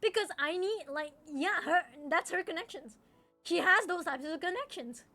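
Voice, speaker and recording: Young woman streamer, high sharp voice, chatty, repeats herself and laughs often, casual talk to chat. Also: animated, moderate pace, soft background music.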